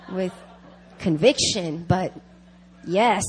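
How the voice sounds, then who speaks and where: A woman's voice: medium pitch, animated, unhurried, long pauses, husky. A woman giving an emphatic sermon at a prayer meeting, repeating key phrases to drive them home. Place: church meeting.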